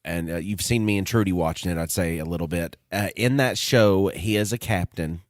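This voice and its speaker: A man's voice: deep voice, fairly quick, no echo, studio quality. A man co-hosting a podcast in casual chat, recapping in a rambling way with lots of uhs. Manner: rambling recaps with filler uhs, acts out quotes. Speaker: podcast co-host.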